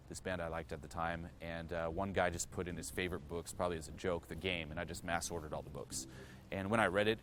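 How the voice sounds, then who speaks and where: Deep-voiced man, frank and profane. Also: fairly bright tone, slight background noise. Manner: frank and profane, heavy on "you know" fillers; earnest, direct address to viewer. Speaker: self-improvement vlogger. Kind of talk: candid personal storytelling to camera.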